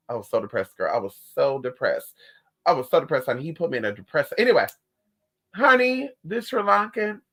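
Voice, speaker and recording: Calling her audience honey and girl, a spiritualist vlogger dramatically and sassily shares a personal story to camera. Her voice is low-pitched and a bit bright.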